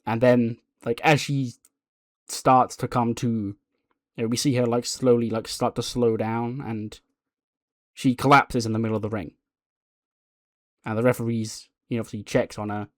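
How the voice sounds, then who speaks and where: A man's voice: mid-range voice, level tone, normal speed, pauses often, dry recording, clean studio sound. A man casually narrating a game playthrough in a rambling way, laughing often. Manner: rambling, laughing, lots of fillers. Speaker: game streamer.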